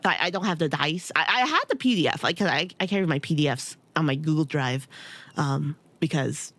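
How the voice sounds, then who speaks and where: A young woman chatting on a game stream, her pitch bouncing widely as she giggles through a story. The sound is close and dry, with no room around it. She keeps it casual and animated. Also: fairly quick, no echo. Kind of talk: casual chat while gaming.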